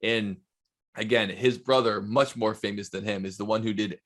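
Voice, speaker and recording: A man's voice: lowish voice, normal speed. Young man chatting on a podcast. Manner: chatty, excitable, shares trivia. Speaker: podcast co-host. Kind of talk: casual chat.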